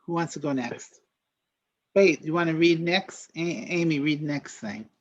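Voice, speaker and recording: A man's voice: fairly high pitch, a little slow, no echo, highs cut off. A man hosting a podcast in casual chat, leading the discussion. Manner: chatty, leads the discussion. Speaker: podcast host.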